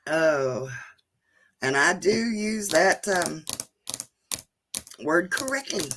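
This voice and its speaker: A woman's voice: lowish voice, lively intonation, very slow, fairly bright tone. A woman hosting a casual livestream, chatting to viewers, reading names from the chat and laughing often. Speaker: channel host reading live chat.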